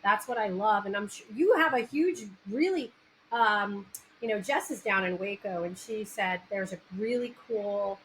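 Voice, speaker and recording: A woman's voice: mid-range voice, moderate pace, fairly bright tone, rough recording. A woman with a New York Italian accent hosting a casual interview, talking animatedly and restarting her sentences. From New York area. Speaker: podcast host. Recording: faint background noise, backup mic.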